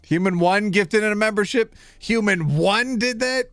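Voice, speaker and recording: A man's voice: high-pitched, normal speed, a bit bright, no room sound, faint music behind. A man from Canada, a streamer in casual live-stream chat, bubbly and playful with a lot of laughter.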